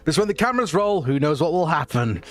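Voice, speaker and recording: A man's voice: a little high, very animated, fast talker. A man voicing a grandiose, commanding male film director with a theatrical, ominous manner.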